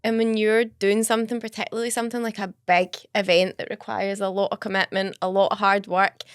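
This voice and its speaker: A woman's voice: medium pitch, flat delivery, brisk, clean tone, dry recording, clean studio sound. A woman with a Scottish accent, talking candidly and reflectively in a casual podcast chat.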